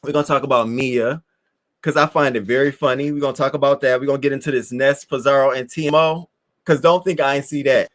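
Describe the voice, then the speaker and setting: A man's voice: medium pitch, fairly even intonation, fast, a bit bright. A young man hosting a casual live stream, talking brashly and with plenty of cursing straight to his chat. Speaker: livestream host.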